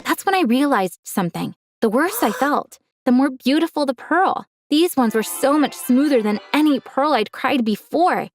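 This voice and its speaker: A woman's voice: sits high, animated, moderate pace, few pauses, soft background music. A young woman narrating a dramatic first-person story in an earnest way.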